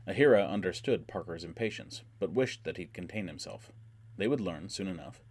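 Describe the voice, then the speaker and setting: Calm man reading an audiobook. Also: low voice, a little fast. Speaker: audiobook narrator. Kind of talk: audiobook narration.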